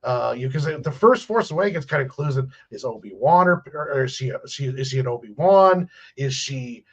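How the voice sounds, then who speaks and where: A man's voice: mid-range voice, expressive, moderate pace, slightly rough. A man chatting on a podcast, rambling and restarting his sentences with an exasperated tone. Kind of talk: casual chat. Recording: muffled lo-fi audio.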